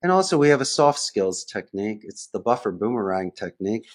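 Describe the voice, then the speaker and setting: A man's voice: lowish voice, sing-song, fairly quick. A man as a podcast guest who runs a call center, talking in a conversational interview and acting out phone calls in different voices.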